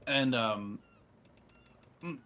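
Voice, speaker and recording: A man's voice: mid-range voice, drawn-out words, sharp tone. Casual, hesitant male game master. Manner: casual, hesitant with many fillers. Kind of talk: narrating a tabletop game.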